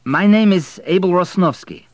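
Nervous young hotel manager as a male reader puts him on, higher than the narrator, earnest, eager, dry close sound. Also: animated, moderate pace, dry recording.

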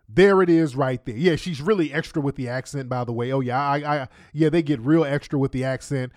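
A man's voice: medium pitch, a little fast, hardly any pauses, a little mellow, no echo, clean studio sound. Heated mocking man. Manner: mocking, heated, crude slang. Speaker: podcast host. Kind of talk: commentary on played clips.

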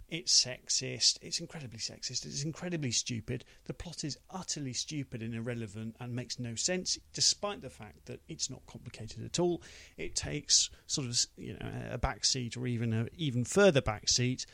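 Male critic, mid pitch, gravelly, exasperated sarcastic rant. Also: normal speed, fairly bright tone, dry recording. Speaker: film critic. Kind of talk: ranting film review.

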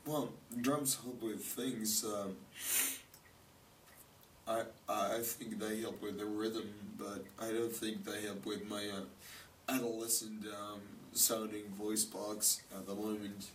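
A feverish man with a cracking voice, rambling casually, swearing and clearing his throat a lot. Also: fairly low pitch, level tone, slow. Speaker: musician jamming with friends. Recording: echoey room mic from far off with noise.

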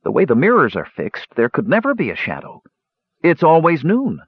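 An earnest young mage, puzzled but reasoning aloud, voiced by a male storybook narrator. His voice is raised well above the reader's natural low, husky tone. The sound is dry and somewhat dull. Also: wildly swooping pitch, moderate pace, no echo, heavily acted.

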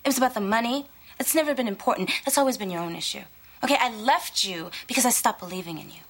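A woman's voice: on the high side, expressive, quick pace, breathy edge. An actress playing a young woman who sharply defends herself to a former lover in a film scene. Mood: defensive.

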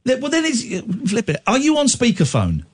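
A man's voice: extremely high pitch, wildly swooping pitch, moderate pace, slightly rough. A man hosting a late-night radio phone-in, teasing and arguing with his callers.

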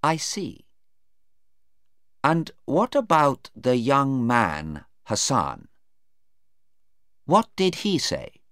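A man's voice: medium pitch, very animated, very slow, long pauses, a bit bright, dry recording, studio quality, pitched above the performer's own voice, heavily acted. A man reading aloud voices a probing male defence lawyer, pressing his questions home. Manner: pointed, insistent questioning. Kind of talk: read-aloud storybook dialogue.

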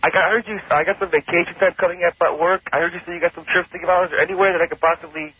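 A man's voice: high voice, steady tone, very fast, slightly rough. A man calling in to a radio show, eager and enthusiastic. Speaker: caller. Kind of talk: phone-in call. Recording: phone call on dull radio.

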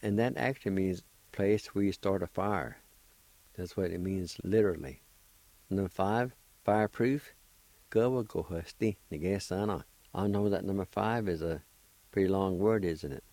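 A man's voice: low voice, moderate pace, darkish tone, dry recording, rough recording. A middle-aged man, patiently spelling and sounding out words in a radio language lesson. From Oklahoma, US. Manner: encouraging. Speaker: language teacher and radio host.

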